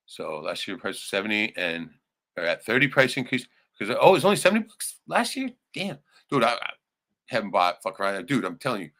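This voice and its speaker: A man's voice: on the low side, brisk, gravelly. Profane, rambling man on a livestream. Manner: profane, rambling, swings loud and excited. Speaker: livestream host. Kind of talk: casual livestream chat.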